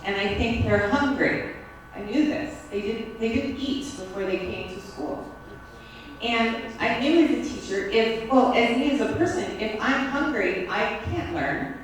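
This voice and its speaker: A woman's voice: fairly high pitch, expressive, a little slow, slight background noise. A woman giving a classroom lecture on teaching and the brain, talking in a conversational way and often checking in with "right?" and "okay?". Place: lecture room at a school. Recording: very echoey room, mic far off.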